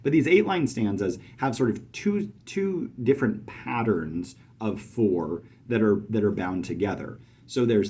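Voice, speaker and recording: A man gives a poetry lesson in a low, husky voice. He speaks thoughtfully, with many fillers, and chants the rhythms to show where the stresses fall. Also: lively intonation, measured pace, few pauses, darkish tone. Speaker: poetry teacher. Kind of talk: video lesson.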